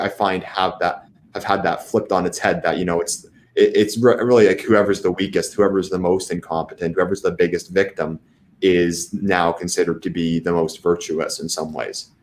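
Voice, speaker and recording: A deep-voiced man talks in a loose, halting way, stopping often on fillers and restarting his phrases. A faint hiss of noise sits under his voice. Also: fairly even intonation. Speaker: panel guest. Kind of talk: casual discussion.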